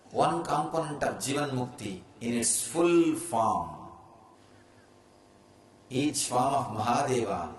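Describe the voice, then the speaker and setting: A man with an Indian English accent giving a spiritual discourse, speaking in emphatic, declarative statements. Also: medium pitch. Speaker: spiritual teacher. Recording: echoey room with faint ambience.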